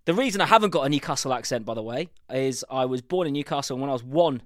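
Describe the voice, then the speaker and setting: A man in his thirties with a southern English accent, introducing his podcast as host in an upbeat, brisk and slightly defiant way. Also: medium pitch, expressive, a bit bright, no room sound, clean studio sound. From England.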